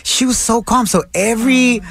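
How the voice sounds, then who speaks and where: A man's voice: extremely high pitch, creaky. A man hosting a morning show, chatting and telling stories in a playful, teasing way. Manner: playful, teasing, quick to laugh. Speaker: radio morning show host. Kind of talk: casual banter and anecdotes.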